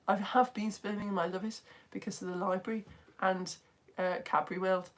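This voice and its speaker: A British woman, a physics teacher, chatting brightly on a live-stream lesson and hopping between asides. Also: mid-range voice, level tone. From United Kingdom. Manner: bubbly, chatty, jumps between topics, quick asides. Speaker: physics teacher and livestream host.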